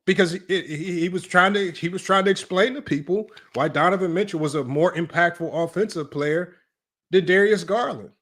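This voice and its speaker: Man, fairly high voice, sports debate stream host, emphatic, repetitive, argumentative. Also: moderate pace, fairly bright tone. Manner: emphatic, repetitive, keeps asking "right?". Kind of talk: livestream sports commentary.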